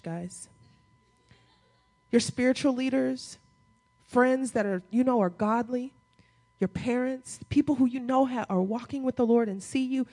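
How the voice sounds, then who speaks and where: Animated woman preaching a conversational sermon. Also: on the high side. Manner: conversational preaching with acted-out quotes. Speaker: pastor.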